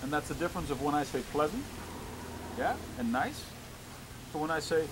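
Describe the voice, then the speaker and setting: Lively-voiced man coaching a riding lesson. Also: fairly high pitch, moderate pace, noisy background. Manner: encouraging, gives short commands and praise. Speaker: riding instructor.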